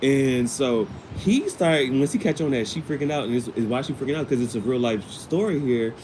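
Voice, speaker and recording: A man's voice: mid-range voice, expressive, moderate pace, a little mellow, slight background noise, poor audio. A man casually recapping a TV episode in slangy, rambling speech with many restarts. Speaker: vlogger.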